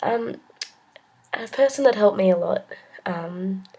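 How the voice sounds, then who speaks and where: A young woman with an Australian accent telling a personal story to camera in an earnest, halting way, with many pauses and restarts. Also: medium pitch, dark tone, slightly rough. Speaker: vlogger.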